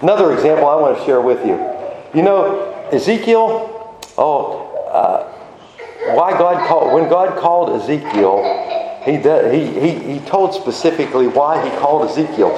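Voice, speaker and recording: A man preaching a sermon with animated emphasis, his voice swinging between high exclamations and low asides. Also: moderate pace. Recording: very echoey room with faint noise.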